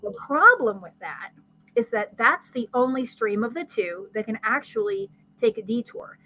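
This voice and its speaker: A woman, a guest expert, explaining brain science in conversation with a lively teaching manner and vivid everyday examples. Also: fairly high pitch, moderate pace, lo-fi sound, a little hiss or hum. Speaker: guest expert on ADHD and learning.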